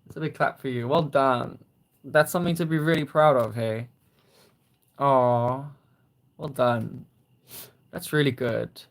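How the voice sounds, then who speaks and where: A young man hosting a casual livestream, reading viewer comments and gently encouraging them. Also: medium pitch, moderate pace, gravelly. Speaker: livestream host.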